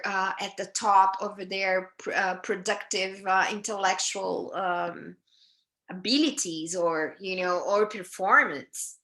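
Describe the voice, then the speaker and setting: Slow bright-voiced woman, halting. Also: mid-range voice. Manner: hesitant, many fillers and restarts. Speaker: astrology teacher. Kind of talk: live group talk on astrology. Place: United States.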